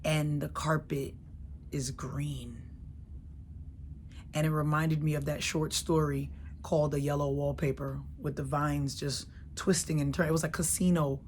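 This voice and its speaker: Deep-voiced woman telling her own story, gets quiet then loud, faint hiss behind. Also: level tone, unhurried. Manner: candid, emotional, swings between hushed and loud. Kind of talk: personal storytelling.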